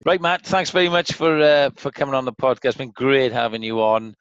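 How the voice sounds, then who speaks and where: A man co-hosting a podcast, thanking the guest and firing off quick questions. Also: medium pitch, smooth, highs cut off. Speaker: podcast co-host. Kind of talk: casual chat and quick-fire questions.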